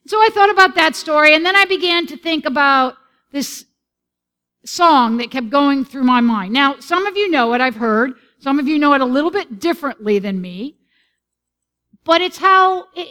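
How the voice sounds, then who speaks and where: A woman's voice: high voice, fairly bright tone. A woman pastor preaching and leading her congregation in a church. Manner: encouraging, leads the congregation in song. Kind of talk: sermon with congregational singing. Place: church sanctuary.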